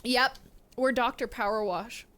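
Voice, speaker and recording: A woman streaming a game live, chatting casually and excitedly to her chat and the game. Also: a little high, measured pace.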